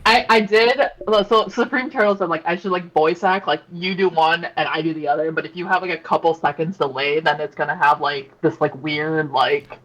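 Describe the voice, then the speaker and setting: A woman's voice: low-pitched, fairly even intonation, a little fast, hardly any pauses, fairly bright tone, highs cut off. A woman on a voice call with a friend, giggly and playful. She rambles and teases in a loose, casual way.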